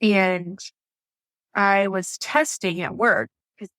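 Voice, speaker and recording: A woman's voice: mid-range voice, fairly even intonation, slow, a bit bright, dry recording. A woman who works as a nurse, telling her story as a podcast guest in a chatty way with many fillers. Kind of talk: casual storytelling interview.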